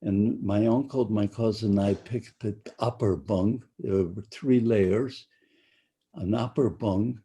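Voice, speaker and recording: An older man giving personal testimony to students, halting and often repeating or restarting his phrases. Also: fairly low pitch, steady tone, mellow, husky. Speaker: Holocaust survivor speaker.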